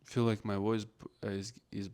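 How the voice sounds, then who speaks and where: A man's voice: on the low side, level tone, normal speed, darkish tone, clean tone. A man hosting a casual solo podcast, rambling in non-native English phrasing. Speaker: podcast host.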